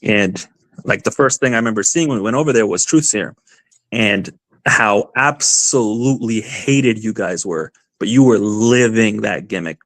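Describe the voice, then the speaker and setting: A man's voice: lowish voice, moderate pace, a bit bright, dry recording. A man, a wrestler guest on a podcast, talking passionately over a video call, with lots of fillers. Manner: passionate, rambling with many fillers. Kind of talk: casual podcast chat.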